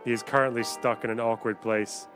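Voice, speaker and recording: A man's voice: mid-range voice, level tone, a little fast, fairly bright tone, soft background music. A man hosting a live stream, commenting on news in a casual, profane, sardonic way and thinking aloud. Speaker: streamer host.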